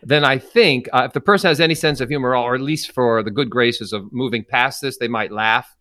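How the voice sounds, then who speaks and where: A man's voice: mid-range voice, fairly quick, bright, forceful tone, dry recording, clean studio sound. A man co-hosting an advice podcast, chatting casually, often restarting his sentences and chuckling. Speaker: podcast co-host.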